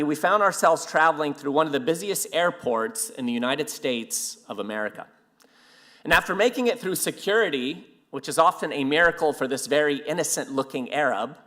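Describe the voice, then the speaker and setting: Man, preacher, storytelling sermon, animated, bright, sharp voice. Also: a little high. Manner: animated storyteller acting out quotes. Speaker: ministry speaker.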